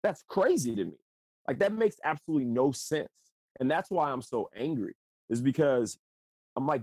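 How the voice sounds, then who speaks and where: A man co-hosting casual sports talk, animated and profane. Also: moderate pace, slightly rough, no echo. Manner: animated, profane, jumps up in pitch. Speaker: sports podcast co-host.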